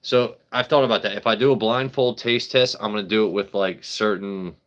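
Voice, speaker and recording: A man's voice: fairly low pitch, fairly even intonation, a little fast, fairly bright tone, dull audio. A man hosting a casual live stream, rambling, joking with his chat and swearing freely. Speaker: livestream host.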